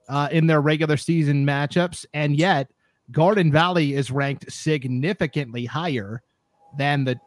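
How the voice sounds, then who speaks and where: A man with a fairly high voice hosts a casual sports podcast, and he talks in an animated way that quickly turns into a rant. The sound is dry and close, with no room around it. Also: dry recording. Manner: animated, gets fired up and rants. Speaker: podcast host.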